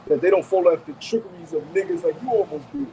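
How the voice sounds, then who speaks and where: A man's voice: high voice, lively intonation, fast, creaky, dark tone, a little hiss or hum, poor audio. A man preaching to a group outdoors as a camp elder, emphatic and profane, repeating phrases and asking rhetorical questions.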